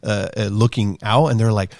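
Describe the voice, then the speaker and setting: A man in his thirties casually telling a rambling, animated story as a podcast host, acting out quotes in a higher voice. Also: normal speed, dry recording, clean studio sound. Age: 30s.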